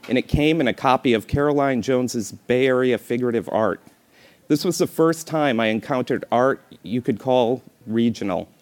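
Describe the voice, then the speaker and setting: A man's voice: medium pitch, a little mellow. A man reading a memoir aloud in a dry, wry manner, breaking off now and then for playful off-the-cuff remarks.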